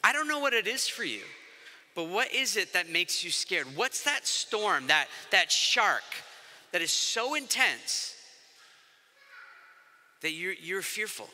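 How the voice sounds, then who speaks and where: A man's voice: sits high, sing-song, slow, long pauses, pushed and bright. A man preaching a sermon to a congregation, conversational and joking, acting out quotes in different voices. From grew up by the ocean. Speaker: pastor. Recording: long hall reverb.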